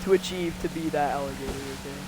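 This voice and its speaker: A podcast co-host with a notably high voice for a man rambles through a story, laughing between fillers. Steady hiss runs under the recording. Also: fast, low-quality recording. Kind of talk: casual storytelling.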